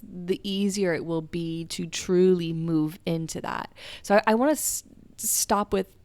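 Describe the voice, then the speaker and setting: Soft-spoken woman with a gravelly edge. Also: medium pitch, no room sound. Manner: candid and emotional, swearing freely. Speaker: podcast host. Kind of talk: whispered role-play; soft-spoken personal reflection.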